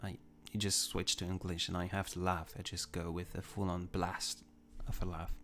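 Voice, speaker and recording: Low gravelly man. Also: level tone, normal speed, a bit bright. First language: French. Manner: rambling, chatty, frequent restarts. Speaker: livestream host. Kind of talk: casual chat, reading viewer comments.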